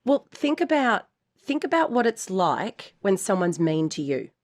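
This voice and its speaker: A woman's voice: mid-range voice, big pitch swings, a little slow. A woman co-hosting a podcast, talking earnestly and frankly and swearing freely in casual chat. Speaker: podcast co-host.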